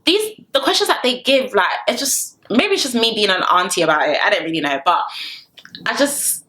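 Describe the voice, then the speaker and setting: A young woman gives casual, animated commentary on a reality TV show and often breaks into laughter. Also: medium pitch, brisk, slight background noise. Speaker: reality TV reviewer.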